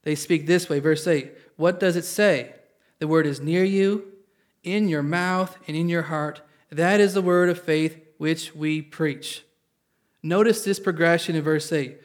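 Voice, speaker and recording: A preaching man with a slightly high voice delivers an earnest sermon to a church congregation. He reads scripture aloud, explains it in everyday words, and keeps asking his listeners for an amen. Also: fairly even intonation, measured pace. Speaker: pastor.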